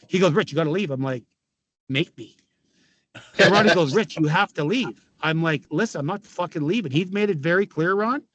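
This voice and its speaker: A Canadian man in his fifties tells rowdy hockey stories in a casual chat, swearing freely, laughing, and acting out each quote. His voice sits a little high, and the sound is close and dry with no room echo. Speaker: podcast guest, former pro hockey player. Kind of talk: casual storytelling.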